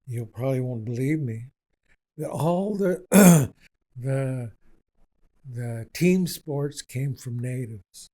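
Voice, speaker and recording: An older man, an Indigenous elder, telling stories in a slow, repetitive, earnest way during a conversation. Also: mid-range voice, dark tone, poor audio. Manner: unhurried and repetitive, speaking with conviction.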